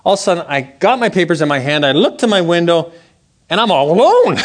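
Animated pastor telling a story. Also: male voice, quick pace. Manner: animated storytelling, acts out quotes with big pitch jumps; conversational, asks the audience questions. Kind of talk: sermon with personal story.

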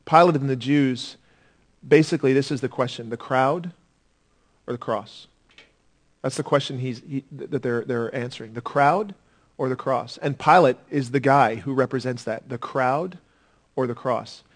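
A man preaching a sermon as pastor, earnest and dynamic, swinging from loud emphasis to hushed intensity. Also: mid-range voice, moderate pace.

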